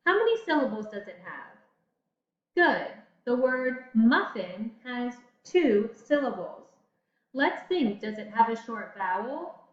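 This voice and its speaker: A woman teacher giving a patient phonics lesson to children, speaking slowly and pausing for answers. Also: on the high side, sing-song. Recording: echoey room, slightly dull sound.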